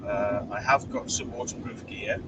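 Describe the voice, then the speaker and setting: A fairly low-pitched man talking at normal speed hosts a casual live stream while driving, chatting and reading viewer comments from inside the car. Loud car noise surrounds the distant mic.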